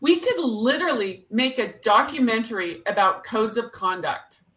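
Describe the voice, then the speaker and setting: A woman co-hosting a podcast in casual chat, excitable and quick to gush. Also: a little high. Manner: excitable, gushing exclamations. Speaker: podcast co-host.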